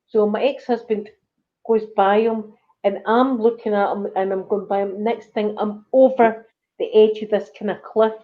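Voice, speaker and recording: A woman's voice: mid-range voice, moderate pace. A middle-aged Scottish woman hosting a casual chat, telling a personal story and acting out the voices of the people in it. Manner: animated storyteller, acts out quoted voices. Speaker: channel host. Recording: slightly dull lo-fi recording.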